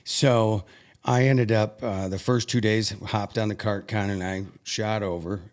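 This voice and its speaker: A man's voice: lowish voice, steady tone. Earnest young man telling a personal story. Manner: earnest, halting, emotional retelling. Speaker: interview guest.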